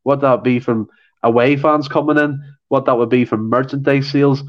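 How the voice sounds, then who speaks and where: A man's voice: medium pitch, fairly even intonation, moderate pace, dull audio. A man co-hosting a casual football podcast, ranting with passion and often repeating himself. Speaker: podcast co-host.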